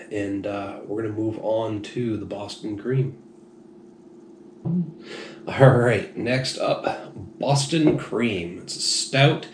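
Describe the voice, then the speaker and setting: A man reviewing beer in a rambling, frank, self-deprecating way, a little tipsy. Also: fairly low pitch. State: slightly tipsy. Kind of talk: casual review monologue. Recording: echoey room, faint noise.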